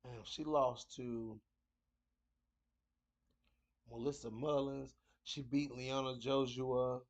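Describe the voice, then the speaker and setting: A man's voice: medium pitch, little pitch movement, unhurried. A man hosting a casual fight preview, rambling and repeating words with lots of fillers. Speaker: host of a fight picks show.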